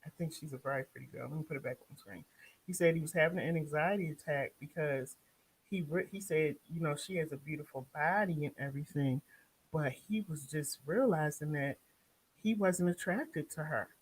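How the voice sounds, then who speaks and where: Husky-voiced woman recapping a reality show. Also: low-pitched, a little fast, rough recording. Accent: Baltimore. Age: young adult or middle-aged, has a son. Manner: animated storytelling, talks back to the people in the show. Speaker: show host reviewing a reality series. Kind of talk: casual recap and commentary.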